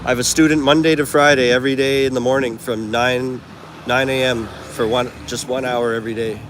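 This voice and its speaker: A man of ordinary pitch chats loosely into his handheld phone while walking an outdoor market. He rambles and corrects himself mid-sentence. Traffic and street bustle come through clearly behind his voice. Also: flat delivery, a little fast, a bit bright. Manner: rambling, chatty, self-correcting asides. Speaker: travel vlogger. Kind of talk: casual walking vlog. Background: traffic and street noise.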